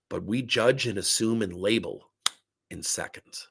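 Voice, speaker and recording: A man's voice: on the low side, moderate pace, gravelly, husky. A middle-aged man, a workplace coaching consultant, talking to camera and telling stories that act out the voices of the people in them. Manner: animated storytelling, acts out quoted voices. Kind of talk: talk to camera.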